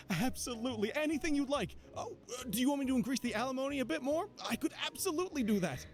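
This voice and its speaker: Woman doing a doting gentleman. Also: high voice, expressive, quick pace, soft background music. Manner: courtly, doting, pleading. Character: charming gentleman James, doting and polite. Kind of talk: game voice reading.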